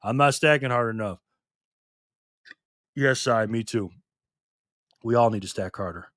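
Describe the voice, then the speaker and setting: An older man hosting a casual live stream, reading comments aloud in a chatty, excitable way. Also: medium pitch, measured pace, no room sound, studio quality. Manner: chatty, excitable, laughs often.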